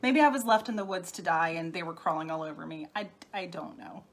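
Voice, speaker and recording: A woman's voice: fairly low pitch, fairly quick, background noise. A middle-aged woman talking casually on a live stream as a spiritual healer, chatty and laughing often as she answers viewer comments. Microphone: phone or webcam.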